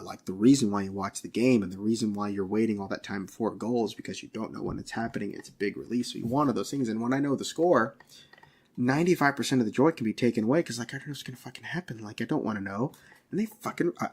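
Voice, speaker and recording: A man's voice: mid-range voice, slightly rough. A man co-hosting a casual podcast, ranting in an exasperated, profane way. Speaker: podcast co-host.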